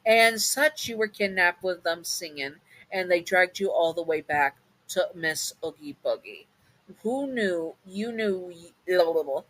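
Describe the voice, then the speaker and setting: A woman's voice: fairly low pitch, expressive, unhurried, a bit bright, no room sound, rough recording. A woman narrating a listener role-play story in a casual, chatty way, sometimes correcting herself. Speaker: narrator and channel host.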